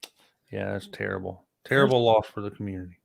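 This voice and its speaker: Blunt, low-voiced man chatting. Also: fast, vocal fry. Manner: blunt, emphatic, swears freely. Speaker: guest co-host. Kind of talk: casual livestream chat.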